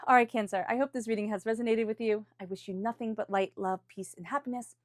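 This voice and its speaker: A woman's voice: a little high, steady tone, brisk, no room sound, studio quality. A woman reading tarot cards for a weekly forecast, speaking off the cuff in an earnest, encouraging way. She often restarts her phrases and now and then calls on angels and spirit guides. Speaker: tarot reader.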